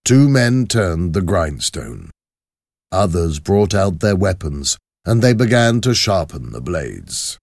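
A man narrating a classic story aloud with a measured, expressive reading. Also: low-pitched, creaky, no room sound, clean studio sound.

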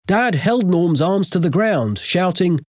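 A narrator reading a chapter of a children's story aloud, with expressive storytelling. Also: medium pitch, a little slow, no echo. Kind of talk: audiobook reading.

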